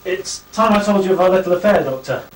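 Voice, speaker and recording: A man's voice: high voice, quick pace, natural voice. A man playing a confident, dismissive suitor. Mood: assured. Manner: assured, dismissive. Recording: distant, hissy VHS audio.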